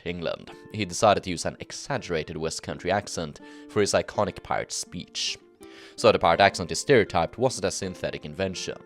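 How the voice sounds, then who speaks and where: A man hosting a history explainer, talking in a casual, wry way with the odd "uh". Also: sits low. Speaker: history channel host. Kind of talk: explainer narration.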